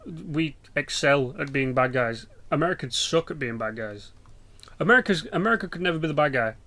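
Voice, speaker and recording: A man's voice: a little high, animated, fairly quick, bright, forceful tone. A young British man rambling through casual, sweary game commentary as a channel host. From Britain.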